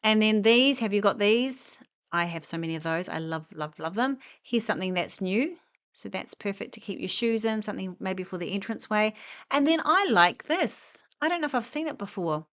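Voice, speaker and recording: A woman's voice: mid-range voice, animated, moderate pace, fairly bright tone. A woman chatting enthusiastically as she walks through a large furniture store, full of rambling asides. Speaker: home decor vlogger. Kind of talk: casual walk-through chat.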